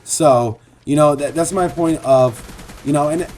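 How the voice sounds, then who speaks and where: A man's voice: a little high, measured pace, a little mellow, slight background noise. Earnest rambling young-sounding man. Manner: earnest, rambling, repeats himself. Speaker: gaming commentator. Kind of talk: casual video commentary.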